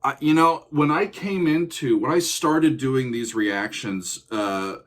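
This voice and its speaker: A man's voice: mid-range voice, slow pace, a bit bright. A man hosting a music reaction video, talking casually with rambling, amused, self-deprecating comments.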